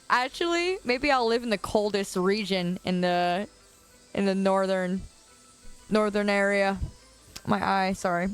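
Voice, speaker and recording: A young woman from the Chicago area livestreams from a suburban curb outdoors. She talks at a middle pitch, chatty and loose, breaking into laughs as she answers her viewers. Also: a little slow, long pauses, clean tone. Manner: chatty, laughs often, answers chat comments. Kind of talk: casual chat with viewers.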